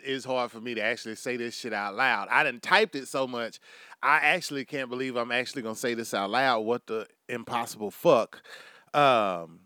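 A man's voice: fairly high pitch, a bit bright, no room sound, clean studio sound. A man hosting a comedy monologue, brash and crude, riffing with mock asides to an imagined crowd. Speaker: comedy podcast host.

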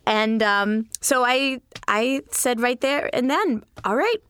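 A woman's voice: fairly high pitch, slow, fairly bright tone, clean tone, no room sound. A woman in her thirties, a music teacher, chatting in an interview and telling stories with many fillers and restarts. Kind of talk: casual interview chat.

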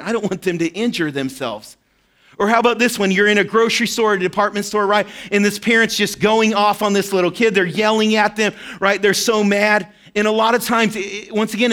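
A man with a notably high speaking voice delivers a sermon in a relaxed, conversational manner. He tells personal stories and keeps checking in with his listeners. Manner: conversational, personal storytelling with frequent "right?" asides. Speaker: pastor.

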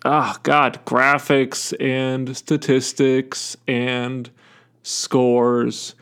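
Slow, sarcastic male podcast host. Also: medium pitch, creaky. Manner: sarcastic, wry, with self-interrupting restarts. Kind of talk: solo podcast monologue.

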